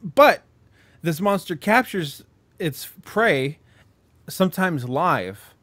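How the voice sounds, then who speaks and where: A man's voice: a little high, sing-song, takes it slowly, fairly bright tone, dry recording. A man co-hosting a podcast, casually retelling a horror movie plot, swearing freely and circling back on himself with lots of filler. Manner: profane, rambling, lots of "like" and restarts. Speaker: podcast co-host.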